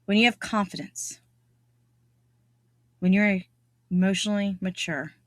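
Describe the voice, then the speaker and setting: Woman, middle-aged, podcast host, earnest, repeats key lines, medium pitch, dry close sound. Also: steady tone, measured pace, fairly bright tone, no room sound. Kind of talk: solo podcast talk on self-improvement.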